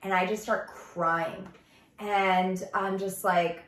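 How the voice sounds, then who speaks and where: A woman's voice: mid-range voice, steady tone, takes it slowly. Chatty woman, echoey room. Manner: chatty, heavy use of "like", earnest and confiding. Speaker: ministry vlogger. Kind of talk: casual personal testimony vlog.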